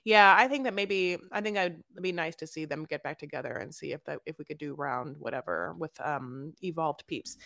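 A woman's voice: lowish voice, normal speed, few pauses, fairly bright tone, dry recording. A woman co-hosting a podcast in casual chat, rambling with many fillers. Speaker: podcast co-host.

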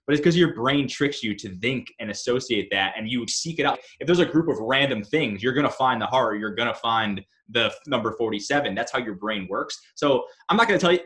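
A man chatting casually as co-host, wry, with a quick line of reasoning. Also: medium pitch, animated, a bit bright. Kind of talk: casual chat.

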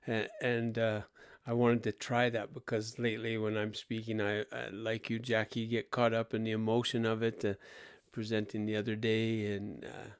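A man's voice: on the low side, completely flat delivery, moderate pace, hardly any pauses, clean tone, no echo, clean studio sound. A man hosting a podcast, talking in a reflective, conversational way. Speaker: podcast host. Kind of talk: casual interview chat.

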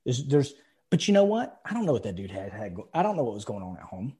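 This is a man co-hosting a casual podcast, blunt and animated as he tells stories. His voice sits low and mellow, with a husky grain to it. He talks like he's leaning back with a friend. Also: fast talker. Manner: blunt and animated, telling stories with quoted speech. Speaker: podcast co-host.

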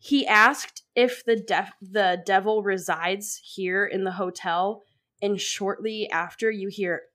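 A woman co-hosting a podcast in casual chat, rambling and excitable, filling her talk with "like.". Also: medium pitch, slow. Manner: rambling, fills with "like"; excitable, laughs often. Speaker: podcast co-host.

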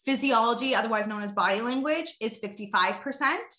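A woman's voice: a little high, fairly quick, reverberant. A woman coach explaining a mindset method with energy, acting out examples as she goes. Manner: energetic, demonstrates with body and voice. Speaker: guest coach.

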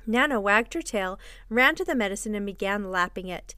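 A woman host reading a children's classic aloud in an expressive, measured storybook style. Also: mid-range voice, clear, resonant tone, no room sound, clean studio sound. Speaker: podcast host and reader. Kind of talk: storybook narration.

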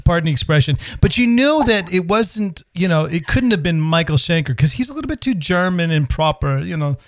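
Jokey man, higher voice, dry sound. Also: expressive, brisk, dry recording. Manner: jokey, laughs often, trails off mid-sentence. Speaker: podcast host. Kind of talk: casual chat.

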